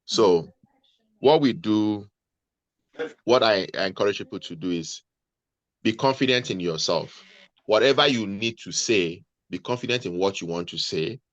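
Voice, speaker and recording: A man, a guest on a video call, giving measured, deliberate advice to nurses. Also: on the low side, no echo, lo-fi sound. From Nigeria.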